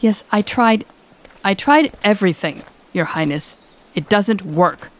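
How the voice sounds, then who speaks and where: A woman's voice: medium pitch, lively intonation, measured pace, lightly acted. A woman voicing a cold, sardonic female demon lord who talks in a curt, cutting, sarcastic way in an audio role-play. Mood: grudging.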